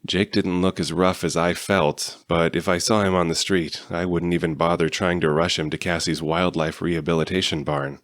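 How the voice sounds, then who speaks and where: Deep-voiced guy reading a fan audiobook, steady, dry close sound. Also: moderate pace, few pauses, no room sound. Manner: steady storytelling. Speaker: audiobook reader. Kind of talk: first-person audiobook narration.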